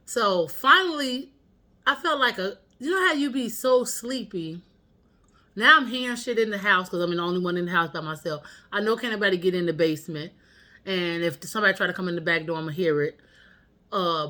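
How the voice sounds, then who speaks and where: A woman's voice: lowish voice, bright, forceful tone. A woman vlogger telling a story at home, candid and profane in a casual, chatty way.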